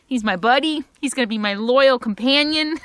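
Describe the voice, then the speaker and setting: A woman's voice: sits high, no echo. Chatty woman vlogger, dry close sound. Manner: chatty, warm baby talk to a puppy, laughs often. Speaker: full-time RV vlogger. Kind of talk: casual vlog talk. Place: inside an RV.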